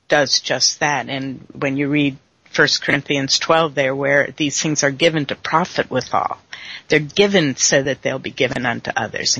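Slow bright husky voice leading bible study, kinda dull lo-fi audio. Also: mid-range voice, dry recording. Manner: slow, warm, laughs easily, quotes scripture. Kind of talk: casual Bible study teaching. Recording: dull lo-fi recording.

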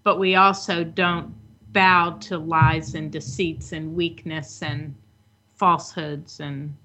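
A woman reading Bible verses aloud and explaining them in a measured way. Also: low voice, flat delivery, noisy background.

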